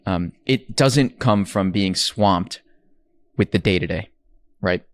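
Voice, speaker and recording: A man's voice: deep voice, no echo. Playful teasing male podcast co-host. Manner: playful, teasing, drawn-out delivery. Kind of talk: casual chat. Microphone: remote podcast recording.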